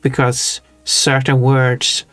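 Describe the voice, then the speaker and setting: A man's voice: mid-range voice, monotone, slow, fairly bright tone, dry recording. A man in casual stream chat who thinks aloud, chatty and easily drawn into tangents about language.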